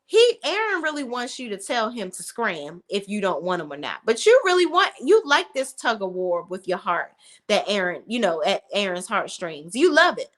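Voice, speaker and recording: A woman's voice: mid-range voice, big pitch swings, moderate pace, fairly bright tone. A woman hosting a casual TV recap vlog, blunt, profane and opinionated, acting out the characters' lines. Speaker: reality TV recap host.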